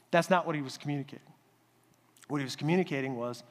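A male pastor giving a conversational, animated sermon in a church sanctuary. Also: a little high, a little fast, in a large hall.

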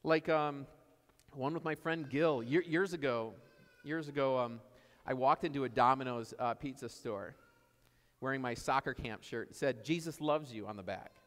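A man's voice: mid-range voice, normal speed. A man preaching a sermon in a church, telling stories in a conversational way and repeating his key phrases. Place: church sanctuary. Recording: long church reverb.

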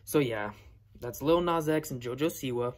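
A man's voice: medium pitch, normal speed. A young man in his late teens ranting casually to camera, profane and blunt, repeating himself often. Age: young adult. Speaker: vlogger.

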